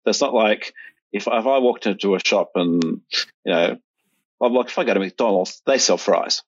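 A middle-aged man with an Australian accent talks in a relaxed, rambling way, restarting sentences often. His voice sits very low and sounds husky. The recording is dry and lo-fi. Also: moderate pace, no room sound. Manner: rambling, many restarts and fillers. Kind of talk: casual conversation. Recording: dull, lo-fi sound.

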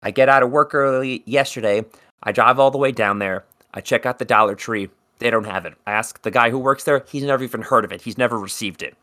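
On a podcast he co-hosts, a South Jersey man tells a long, meandering story, speaking quickly in a bright, pushed, mid-range voice. The conversation is casual and profane.

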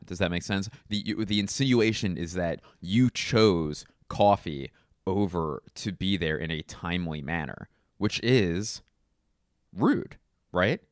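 A man's voice: deep voice, animated, a little slow, no room sound, studio quality. A man hosting a solo comedy podcast, rambling through wry, self-mocking tangents.

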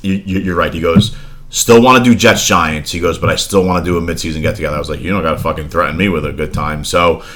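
Deep-voiced man in profane banter. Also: fairly even intonation, fast talker, fairly bright tone. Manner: profane, storytelling. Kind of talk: casual chat.

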